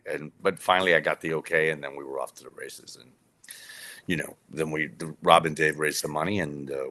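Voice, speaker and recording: A man's voice: extremely low pitch, bright, forceful tone. A man, a documentary director, telling a rambling story in an interview with lots of fillers and restarts. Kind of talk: casual conversational storytelling.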